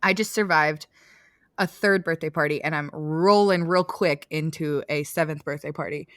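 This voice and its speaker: A woman's voice: low-pitched, moderate pace, dry recording, studio quality. A woman in her thirties co-hosting a podcast, chatting casually and teasing with frequent laughter. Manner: giggly, teasing. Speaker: podcast co-host. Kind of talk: casual chat.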